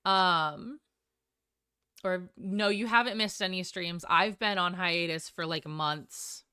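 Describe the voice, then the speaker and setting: A woman's voice: on the low side, slow pace, bright, forceful tone, clean tone, no echo, studio quality. A woman streamer chatting casually and a bit scatterbrained while building in a game, with a sing-songy way of talking. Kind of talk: casual live-stream chat while gaming.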